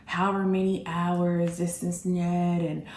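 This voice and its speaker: A woman's voice: lowish voice, level tone, a little slow, a little mellow, echoey room, lightly acted. A woman voicing her tired, whiny truck driver boyfriend, sounding sad and pleading. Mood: mopey pleading.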